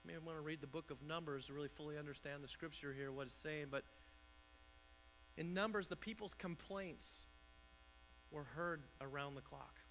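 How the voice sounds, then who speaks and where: A man's voice: fairly high pitch, normal speed, fairly bright tone, soft background music, low-quality recording. A man pastor preaching a conversational sermon in a church, often restarting and repeating words.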